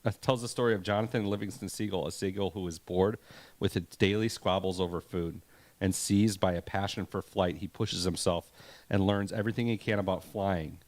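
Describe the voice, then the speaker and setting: A man with a low voice co-hosts a casual podcast. He rambles, reads facts aloud and breaks into laughs. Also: steady tone, a little fast. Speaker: podcast co-host. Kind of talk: casual chat.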